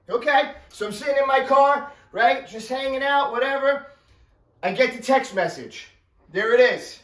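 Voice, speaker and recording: A man telling a comedic story as a rant, animated and exasperated, acting out the other people in the story in quick character voices. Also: extremely high pitch. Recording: roomy sound from a distant mic.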